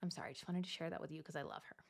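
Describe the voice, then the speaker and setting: A woman in her thirties talking casually to her audience as a coach, acting out inner self-talk with sudden jumps in pitch. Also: steady tone, rapid-fire. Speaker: Catholic mom coach. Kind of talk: casual advice monologue to camera.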